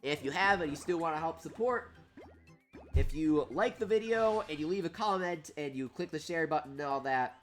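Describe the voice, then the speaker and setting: A man hosting a casual gaming livestream with a stuffed-up nose. He reads out chat names and yells excitedly at the game. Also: a little high, moderate pace, faint music behind.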